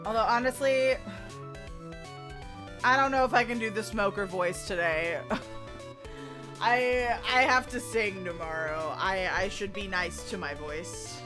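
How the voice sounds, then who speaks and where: A woman's voice: mid-range voice, takes it slowly, pauses often. A young woman hosting a game playthrough, chatting and reading the dialogue aloud. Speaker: let's play host. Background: game music.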